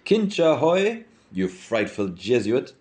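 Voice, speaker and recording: A man doing a loud, jeering young man. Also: mid-range voice, very animated, slow pace, voice pushed up. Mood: mocking. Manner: loud, teasing, theatrical. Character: brash mocking young man, jeering and boisterous.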